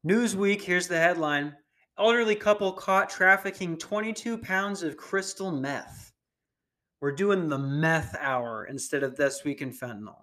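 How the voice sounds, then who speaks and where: A man's voice: sits high, measured pace, pushed and bright. A man hosting a podcast, riffing in casual, profane, rambling comedic commentary on news stories. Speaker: podcast host.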